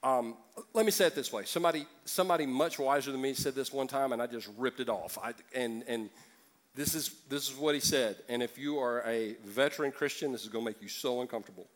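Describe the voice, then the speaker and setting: A man's voice: mid-range voice, quick pace. A man preaching a sermon as pastor, joking and acting out voices from the congregation.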